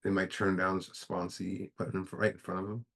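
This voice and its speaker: Deep-voiced man leading a recovery study, earnest and plain-spoken, emphatic. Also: little pitch movement, brisk, creaky, a bit bright. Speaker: speaker at a recovery book study. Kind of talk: recovery meeting talk.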